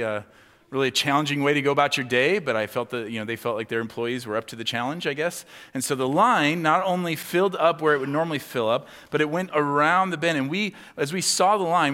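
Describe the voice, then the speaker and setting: A man's voice: mid-range voice, sharp tone. A man giving a sermon as a conversational story, with many fillers and acted-out quotes. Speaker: pastor. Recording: long hall reverb.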